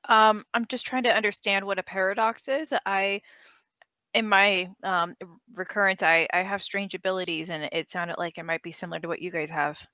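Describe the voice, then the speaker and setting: Bright-voiced woman playing a tabletop game. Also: medium pitch, steady tone, moderate pace, no room sound, studio quality. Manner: brief, matter-of-fact answers. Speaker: player.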